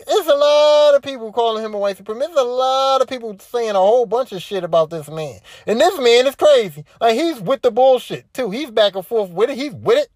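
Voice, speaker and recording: A woman's voice: a little high, darkish tone, no room sound. A woman hosting a solo podcast, ranting in a casual, profane, repetitive way. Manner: profane, repetitive, worked-up commentary. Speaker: podcast host.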